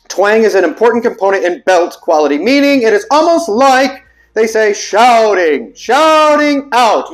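Vocal coach puzzling over terms aloud. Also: male voice, sits high. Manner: reads text aloud then reacts with puzzled asides; breaks into sung vowel demonstrations. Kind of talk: casual explainer video.

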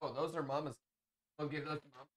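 A man streaming a game from a room at home, chatting in a playful way that swings between low muttering and loud calls. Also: fairly even intonation, quick pace. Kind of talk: live gameplay commentary.

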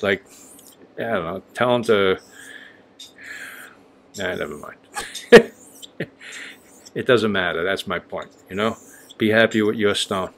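Man, lowish voice, blunt, rambling, swears a lot, casual vlog talk. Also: fairly bright tone. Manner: blunt, ranting, swears freely; loose and rambling with many fillers. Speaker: vlogger honing straight razors.

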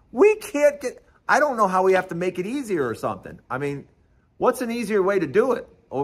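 An excited male host with a high voice that swings up and down a lot. He teases his listeners, stammers and repeats himself as he talks on his own. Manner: animated, teasing, repeats and stammers. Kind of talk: excited solo political commentary.

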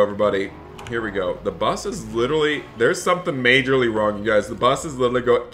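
A man's voice: mid-range voice, bright, forceful tone. A man hosting a gameplay video, role-playing a bus driver who exclaims about the breakdown and sternly scolds his passengers. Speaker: gaming channel host role-playing a school bus driver. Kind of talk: role-play gameplay commentary.

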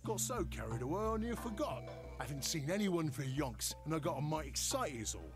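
Game robot, Cockney, chummy and rambling, voiced by a woman; lively pitch over faint music. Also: a little fast. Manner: chummy, rambling, heavy slang. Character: chatty cockney male robot golem, excitable. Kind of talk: video game voice acting.

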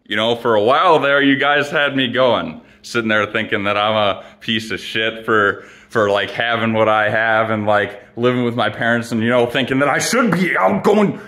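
A man's voice: mid-range voice, moderate pace, hardly any pauses, sharp tone. A young man ranting casually to camera, profane, rambling and argumentative.

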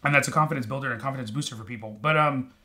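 A man co-hosting a casual whisky tasting chat, playful and quick to laugh, talking to beginners. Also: medium pitch, pushed and bright. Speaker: whisky reviewer.

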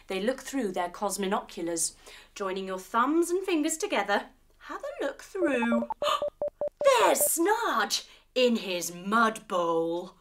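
Playful high-voiced woman leading kids' yoga. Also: takes it slowly, background noise. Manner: playful, animated, with sound effects. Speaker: kids' yoga instructor and storyteller. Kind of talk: guided yoga story for children.

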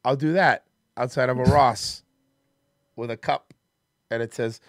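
A man's voice: medium pitch, fairly even intonation, normal speed, no room sound, clean studio sound. A man hosting a comedy podcast, rambling and joking in casual banter, worn out from a busy day. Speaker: podcast host.

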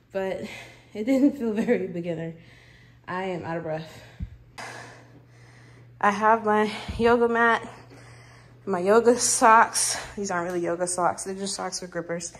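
A woman chatting casually to her vlog camera, blunt and talkative, swearing freely and addressing viewers as "y'all". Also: mid-range voice. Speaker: vlogger. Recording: noisy background.

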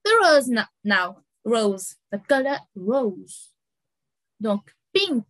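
Slow, patient woman teaching to kids. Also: on the high side, very animated, a bit bright, dry recording, rough recording. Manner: slow, repeats words, laughs often. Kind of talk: online language lesson for children.

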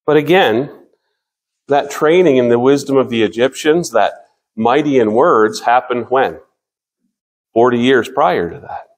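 A man in his fifties preaching a sermon as pastor, earnest, slowing down to read scripture and often restarting his sentences. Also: mid-range voice.

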